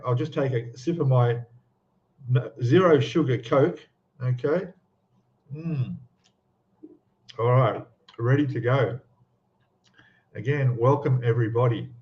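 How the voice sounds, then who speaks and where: A man hosting a casual live stream, chatting and greeting viewers one by one by name. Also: medium pitch. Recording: slightly dull lo-fi sound.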